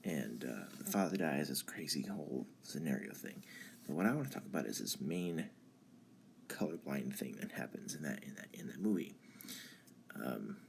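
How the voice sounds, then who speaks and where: A young man with an extremely low voice and a gravelly fry, talking casually and haltingly as a stream host. He fills his pauses with ums and starts his sentences over and over. A faint hiss sits under the voice. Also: animated. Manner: halting, many ums and restarts. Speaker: channel host. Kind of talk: casual philosophy talk on a live stream.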